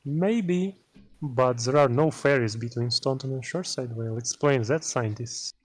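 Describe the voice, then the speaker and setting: A man's voice: medium pitch, normal speed. German-accented man commentating a speedrun. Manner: chatty, explanatory, self-deprecating jokes. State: tired.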